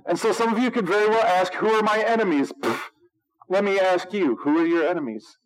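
A man preaching a sermon in a light, high voice, talking to his congregation in a loose, conversational way. He slips into sarcasm and acts out the voices he quotes. The sound comes across like a radio broadcast. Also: a little fast, rough recording. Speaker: pastor.

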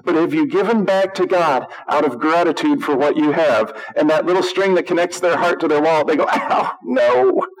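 A male pastor giving an animated, emphatic sermon, with humor and acted-out quotes. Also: fairly high pitch, fairly quick, hardly any pauses, low-quality recording.

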